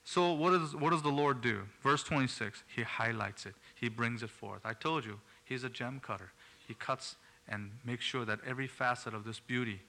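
A man's voice: mid-range voice, moderate pace, bright, forceful tone. A man preaching a sermon in an earnest way, rising to emphatic bursts.

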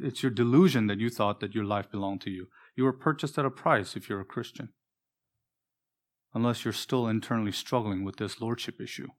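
A male pastor delivering a sermon with earnest conviction. He slows down and stretches important phrases for weight and keeps turning to his listeners with pointed questions. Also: mid-range voice. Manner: earnest, preacherly, with drawn-out emphatic phrases; asks the congregation direct questions.

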